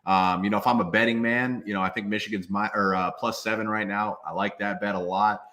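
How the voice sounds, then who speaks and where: A man's voice: fairly low pitch, fairly even intonation, a little fast, bright, forceful tone. A man in his twenties, a former football player, talking emphatically as a guest in a casual interview.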